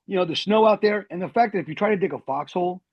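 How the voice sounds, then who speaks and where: A man in his fifties, an army veteran, telling animated, slangy war stories in a casual way. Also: high-pitched, very fast, no echo. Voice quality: animated, slangy, says "dude". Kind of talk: casual storytelling. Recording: dull lo-fi recording.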